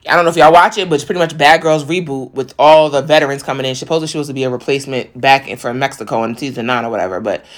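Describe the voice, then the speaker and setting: A woman's voice: very deep voice, steady tone, very fast, hardly any pauses. A thirty-year-old woman in casual chat, talking in a blunt, profane and emphatic way.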